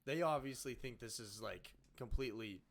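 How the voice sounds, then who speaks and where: Teen guy hosting a chat, stumbles over words a lot, gets loud doing examples. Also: medium pitch. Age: teenager. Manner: halting, repeats words, animated when acting out examples. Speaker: podcast host. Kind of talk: casual interview chat.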